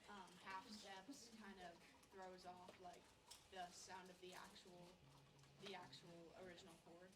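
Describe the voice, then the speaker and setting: A woman student answering a teacher's question in class, halting and searching for words. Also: fairly low pitch, level tone. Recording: faint voice from far off, loud room noise.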